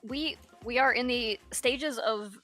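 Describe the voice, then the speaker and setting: A woman who works on an animated series, chatting casually on a livestream, unhurried and thinking aloud with lots of fillers. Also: on the high side, soft background music.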